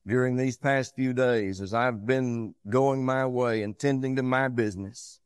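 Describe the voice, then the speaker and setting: A man's voice: fairly even intonation, measured pace, clean tone, no echo. Male preacher with a dramatic sermon delivery, dry close recording. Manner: swells loud and high then drops low and quiet.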